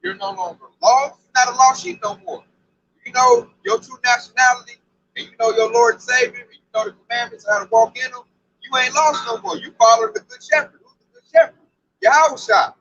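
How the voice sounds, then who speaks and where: Excitable high-voiced, gravelly preaching man. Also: fairly quick, highs cut off, slight background noise. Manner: excitable, exclaims and riffs loosely. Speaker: street preacher. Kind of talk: informal preaching chat.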